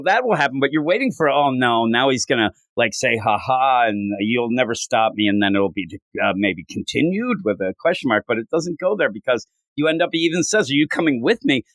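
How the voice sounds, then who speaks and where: A man casually recapping a comic on a podcast, acting out the characters' lines as he goes. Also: dry recording. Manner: animated retelling, acting out quotes with big pitch jumps. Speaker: podcast host. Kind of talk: casual comic book discussion.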